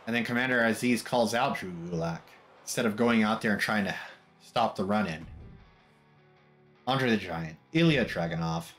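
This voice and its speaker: A man giving casual, wry game commentary as he recaps wrestling matches, dropping mock quotes. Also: fairly low pitch. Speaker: gameplay commentator. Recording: background music under voice. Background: background music.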